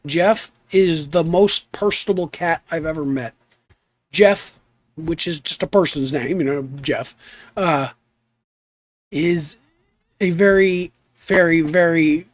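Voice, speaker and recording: Chill streamer guy just rambling along, kinda high voice, super dry mic. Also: no echo. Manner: rambling, chatty, trails off into asides. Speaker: game streamer. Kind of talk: relaxed live stream chat.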